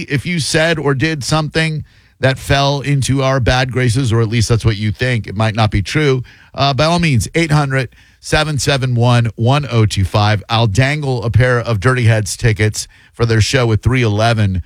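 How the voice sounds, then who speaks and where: A man's voice: medium pitch, no echo. Sarcastic male radio host, dry studio sound. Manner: sarcastic, joking, playful tangents. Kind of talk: casual radio banter. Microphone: studio microphone.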